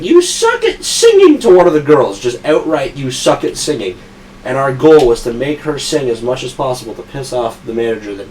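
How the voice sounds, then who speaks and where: A man's voice: mid-range voice, darkish tone, recorded from a distance, a little hiss or hum, rough recording. A young man hosting a podcast who tells long, rambling work stories full of swearing and laughs at his own punchlines. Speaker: podcast host. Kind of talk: casual storytelling chat.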